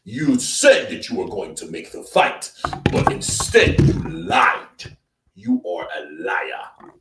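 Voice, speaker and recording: A man putting on an impression of a solemn boxing trainer, with slow, grave denunciations like a preacher. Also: fairly low pitch, wildly swooping pitch, reverberant, distant mic, background noise, full character voice. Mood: accusing.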